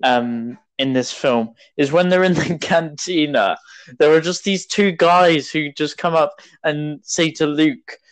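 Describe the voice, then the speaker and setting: A young man co-hosting a casual podcast chat, wry and mocking, with unhurried speech and fillers. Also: on the high side. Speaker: podcast co-host.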